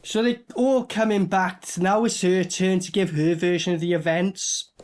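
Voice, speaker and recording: A man's voice: high voice, steady tone, moderate pace, darkish tone. Sweary man ranting about films. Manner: blunt, sweary, rambling. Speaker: film reviewer. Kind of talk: casual reaction commentary.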